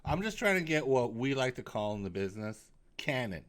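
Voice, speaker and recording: A man's voice: mid-range voice, big pitch swings, fairly quick. A man co-hosting a podcast, trading casual comedic banter with dry, skeptical questions. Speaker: podcast co-host.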